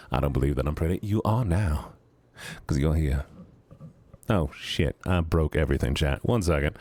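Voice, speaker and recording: A man's voice: very deep voice, expressive, moderate pace, pauses often, a little mellow, no room sound. A young man streaming from home, chatting playfully with viewers through a handheld microphone, rambling and teasing. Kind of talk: casual chat with viewers. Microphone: handheld studio microphone.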